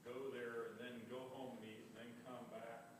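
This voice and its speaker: A man in a church class speaking up with a halting comment from the audience. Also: mid-range voice, flat delivery. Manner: halting, restarts. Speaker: class member. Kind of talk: asking a question in class. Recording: distant echoey room mic with noise.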